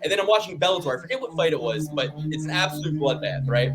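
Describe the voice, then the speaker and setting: Male podcast host, quick and a bit high-voiced, rambling and chatty. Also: expressive, crowd noise. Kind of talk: casual interview chat.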